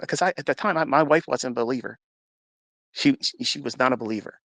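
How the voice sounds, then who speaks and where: A man's voice: mid-range voice, a little fast, creaky, pushed and bright, no room sound. A man telling an emotional personal story of faith, earnest and emphatic, acting out the dialogue as he goes. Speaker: speaker sharing a personal testimony. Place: at home. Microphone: phone for a live audio chat.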